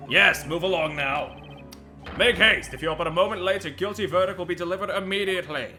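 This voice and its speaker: A man's voice: normal speed, sharp tone. A man voicing a stern male castle guard who barks commands at prisoners, over game music. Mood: commanding. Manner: booming, commanding.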